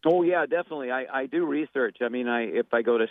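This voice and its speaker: Talking fast with hardly any pauses, a man with a mid-range voice is interviewed casually as a guest actor and impressionist. He rambles thoughtfully with lots of fillers and restarts, and the sound is phone-quality with no room sound.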